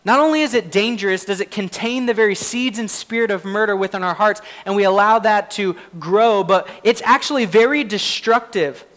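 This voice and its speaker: A man's voice: high voice, normal speed, hardly any pauses, fairly bright tone. A man preaching a sermon as pastor, earnest and conversational, with frequent fillers and self-deprecating laughs.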